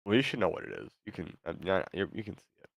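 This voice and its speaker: A man with a low, deep voice hosts a casual chat with an AI. He talks in an easygoing, tentative way, often pausing mid-thought. The sound is dry and close. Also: wildly swooping pitch, vocal fry, dry recording. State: tired, yawning. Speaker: show host.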